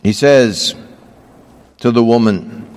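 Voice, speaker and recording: A man's voice: mid-range voice, slow pace, darkish tone, long reverb tail. A man preaching a sermon from a church pulpit, earnest and emphatic, with offhand asides. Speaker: pastor.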